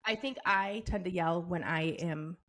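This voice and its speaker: A woman co-hosting a casual faith podcast, with a loud voice, thinking aloud in a hesitant way. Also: lowish voice, unhurried. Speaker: podcast co-host.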